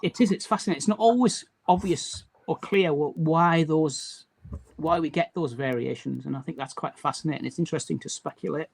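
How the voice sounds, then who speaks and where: A man's voice: fairly high pitch, brisk, gravelly, a little hiss or hum. Man with a mild Durham accent, chatty. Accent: mild Durham accent with a trace of Teesside. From County Durham, England. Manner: chatty, rambling, many restarts. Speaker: guest, map and book publisher. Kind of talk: casual interview chat.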